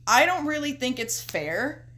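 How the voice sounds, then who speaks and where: A woman's voice: high voice, sing-song, unhurried, pushed and bright. Young woman, podcast co-host, casual and chatty, swears freely. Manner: casual, swears often, talks through her picks at length. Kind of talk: casual chat.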